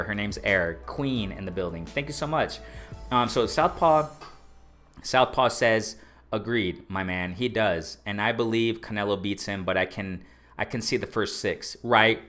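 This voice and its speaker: A man's voice: lowish voice, a little slow. Guy hosting a live boxing stream, hyped and repetitive, faint music in the back. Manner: excited, reads chat aloud, repeats phrases. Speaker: boxing livestream host. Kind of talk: casual live-stream commentary.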